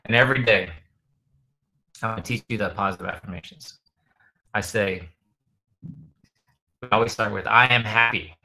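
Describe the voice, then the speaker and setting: A man with a low, gravelly voice hosts a laid-back livestream and reads out viewer comments. His tone is bright and forceful, and he rambles loosely, now and then breaking into loud chants to make a point. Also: moderate pace, pauses often, low-quality recording. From United States. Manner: bursts into loud chanting when demonstrating. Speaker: host answering viewer comments. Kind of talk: casual livestream chat.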